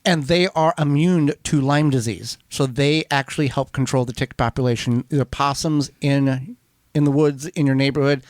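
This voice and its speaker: A man with an Upper Midwest American accent, co-hosting a gardening radio show in unhurried, halting casual chat. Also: medium pitch, no room sound. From Wisconsin. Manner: unhurried, halting, restarts mid-sentence.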